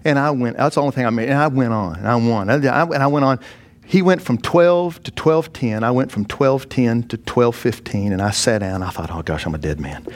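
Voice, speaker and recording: A man preaching, telling a personal testimony with animated, self-mocking storytelling and many restarts. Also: mid-range voice, normal speed. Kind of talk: sermon storytelling.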